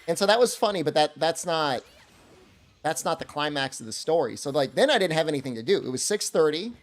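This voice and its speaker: A man streaming a game, telling a funny story in a casual, animated way and laughing often. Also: a little high, a little fast.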